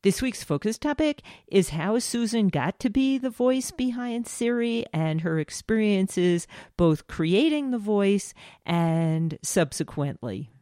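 A woman co-hosting an interview, reading introductions and asking questions in a clear, measured way. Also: medium pitch, animated, warm tone, dry recording, clean studio sound. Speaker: co-host.

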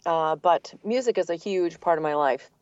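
An older woman, a voice actor, telling her story in a relaxed, articulate interview manner with a neutral accent. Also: lowish voice, moderate pace, no echo, lo-fi sound. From Boston area, United States. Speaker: guest, voice actor. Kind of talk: conversational interview.

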